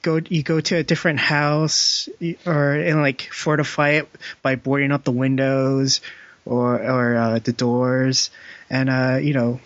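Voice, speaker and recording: A man's voice: mid-range voice, flat delivery, measured pace, no room sound. A young man co-hosting a casual gaming podcast, rambling with lots of fillers and frequent laughs. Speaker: podcast co-host. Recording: dull, dry lo-fi podcast audio.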